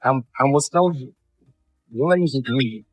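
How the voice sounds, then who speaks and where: A man's voice: medium pitch, slow, slightly rough, no echo, soft background music. A man in his fifties doing a stand-up routine, rambling through self-deprecating asides with frequent restarts. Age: 50s. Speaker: stand-up comedian.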